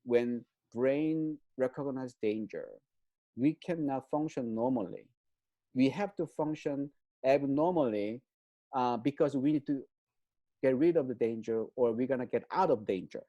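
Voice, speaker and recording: A man's voice: mid-range voice, unhurried, mellow, dull audio. A man explaining trauma as an interview guest, in non-native English phrasing, with many fillers and frequent "right?" check-ins.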